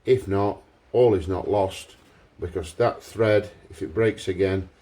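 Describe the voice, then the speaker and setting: A man, a pipe maker talking through his workshop repair in a relaxed, thinking-aloud way. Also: low-pitched, measured pace. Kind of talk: workshop vlog.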